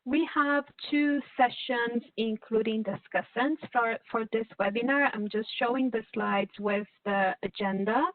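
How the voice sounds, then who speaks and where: A woman hosts an online panel, inviting speakers politely with many small hesitations. Her voice sits fairly high. The audio is dry and narrow, like a phone call. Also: fairly even intonation, a little slow, hardly any pauses, no room sound. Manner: polite, with frequent fillers and restarts. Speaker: webinar moderator.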